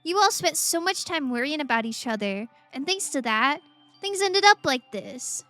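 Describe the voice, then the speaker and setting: A woman's voice: sits high, sing-song, normal speed, soft background music, exaggerated voice. A woman voicing an angry young man in a video game who curses everyone and himself. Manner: bitter, shouting outbursts.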